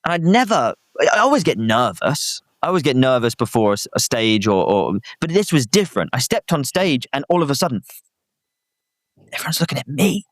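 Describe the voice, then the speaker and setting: A young British man, a guest actor, chatting casually with animated, self-deprecating, rambling stories. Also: medium pitch, fairly quick, hardly any pauses, dry recording, studio quality. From Britain. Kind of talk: casual chat.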